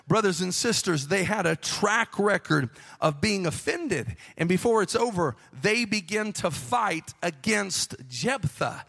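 A man preaching a Pentecostal sermon with a fervent, rhythmic delivery that builds to shouting. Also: sits high, lively intonation, a little slow, creaky, big-room sound. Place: church sanctuary.

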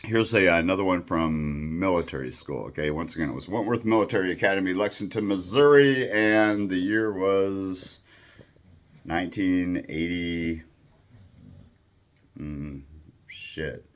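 A man in his fifties telling a rambling personal story in a casual way, swearing freely and filling pauses with "you know" and "uh". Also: deep voice. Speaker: storyteller recounting his past.

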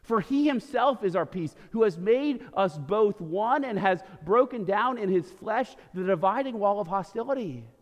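A man preaching a sermon as pastor, animated, swinging from loud emphasis to quiet, low lines. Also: moderate pace, few pauses. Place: church sanctuary. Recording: reverberant church hall.

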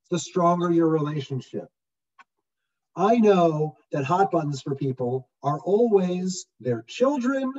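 A man leading a real estate software webinar over a video call, animated and acting out customer voices as he explains. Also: a little high, slightly rough. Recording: dull lo-fi audio from far off the mic.

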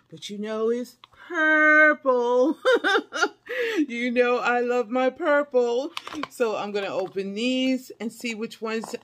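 A woman's voice: mid-range voice, a bit bright. Gushing, chatty woman vlogger. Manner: gushing and effusive, often squealing with delight; chatty, calls viewers y'all and honey. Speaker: haul vlogger. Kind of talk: casual unboxing chat to viewers.

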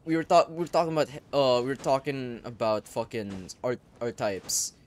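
Crude excitable young man gaming. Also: medium pitch, normal speed, slight background noise. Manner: crude, excitable, with sudden loud outbursts. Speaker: gaming YouTuber. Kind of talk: casual gameplay commentary. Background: faint game music.

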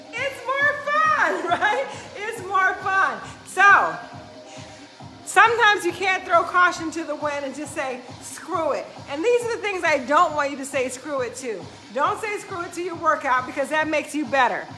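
With music behind her, a high-pitched woman fitness coach delivers an energetic, preachy pep talk to her live viewers, tacking "right?" onto line after line.

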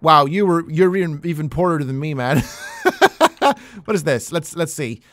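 A man's voice: fairly high pitch, steady tone, moderate pace, a bit bright, no room sound. A man hosting a let's play, commenting with jokes, mock-pleading and casual swearing. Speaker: gaming channel host.

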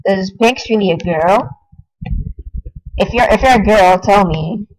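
A young man giving casual, excitable commentary while playing a game. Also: sits high, a little slow, rough recording. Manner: excitable, yelps and exclaims at game events. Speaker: gamer.

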